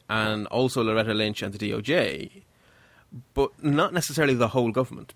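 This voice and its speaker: An Irish man hosts a casual tech podcast. He reads off the figures in a steady, methodical run and keeps the discussion moving. His voice sits dry and close to the mic. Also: medium pitch, creaky, dry recording. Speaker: podcast host.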